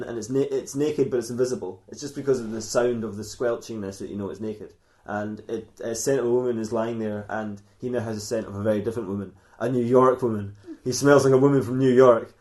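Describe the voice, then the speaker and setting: A man's voice: medium pitch, darkish tone, roomy sound. Giggly man telling a rambling story. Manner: rambling, giggly, frequent laughs and restarts. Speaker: podcast host telling an improvised story. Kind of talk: comedic improvised storytelling podcast.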